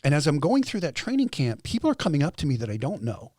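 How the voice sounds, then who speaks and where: A man's voice: a little high, huge pitch swings, fast, darkish tone, no room sound, clean studio sound. A man in his fifties telling his story as a podcast guest, acting out quoted voices and swearing freely. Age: 50s. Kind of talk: animated storytelling.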